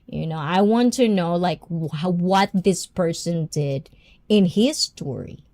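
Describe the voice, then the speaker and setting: A woman's voice: lowish voice, takes it slowly, mellow. A woman hosting a casual livestream, a personal trainer who chats with viewers by name and laughs often.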